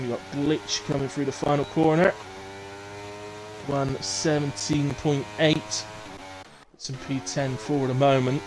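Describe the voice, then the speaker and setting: A middle-aged man giving chatty live commentary on a sim race, with jokey asides. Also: medium pitch.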